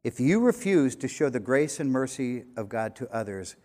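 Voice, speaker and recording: An older man in his sixties preaching a sermon, animated, swinging between loud emphasis and quiet conversational asides. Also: mid-range voice, moderate pace. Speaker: pastor.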